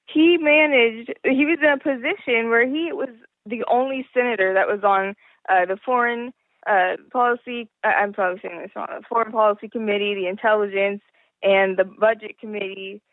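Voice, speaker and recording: A woman calling into a talk show, speaking earnestly with many halting fillers. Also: medium pitch, dry recording. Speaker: caller. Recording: tinny phone line.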